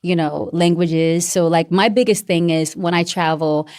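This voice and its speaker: A woman's voice: fairly low pitch, steady tone, a little mellow. A young woman from the American South with a Southern accent, chatting casually and playfully as a guest. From Decatur, Georgia. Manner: playful, quick to break into impressions and other languages. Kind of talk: casual chat.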